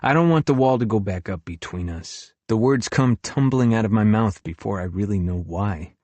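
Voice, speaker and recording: A man narrates an audiobook in the first person with an even, reflective delivery. His voice sits a little low. The recording is dry and close, with no room sound. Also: moderate pace, hardly any pauses, dry recording.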